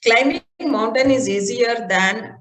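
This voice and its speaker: A woman with an Indian English accent, a mountaineer guest in a podcast interview, explaining things step by step with frequent "uh" pauses. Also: fairly high pitch, a bit bright. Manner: explains step by step with many "uh" fillers. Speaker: guest, mountaineer and marathon runner. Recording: roomy echo.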